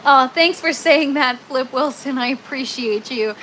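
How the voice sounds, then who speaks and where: A woman's voice: high voice, measured pace, a bit bright, a little hiss or hum, poor audio. A woman hosting a casual gardening live stream from an indoor grow tent, chatting with viewers and using lots of ums and "you guys.".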